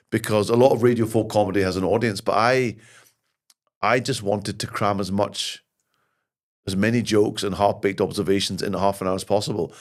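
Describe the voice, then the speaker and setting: A middle-aged Scottish man, a podcast guest, telling lively anecdotes and jokes in casual conversation. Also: lowish voice. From Scotland. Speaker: podcast guest, comedy writer and actor. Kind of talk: casual interview chat.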